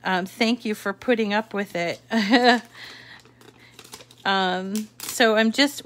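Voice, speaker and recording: A woman with a Boston accent talks unhurriedly through a hands-on craft tutorial. She rambles in a friendly, easygoing way, filling the gaps with "um" and correcting herself as she goes. Her pitch sits in an ordinary middle range. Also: takes it slowly, pauses often. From Boston area. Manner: chatty, many fillers and self-corrections while working. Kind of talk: casual demonstration with rambling asides.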